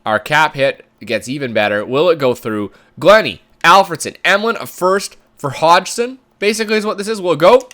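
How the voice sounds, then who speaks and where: A man's voice: fairly high pitch, animated, normal speed, few pauses, bright, forceful tone. A man giving casual commentary while playing a sports management game, thinking aloud in a chatty way. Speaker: gamer commentator.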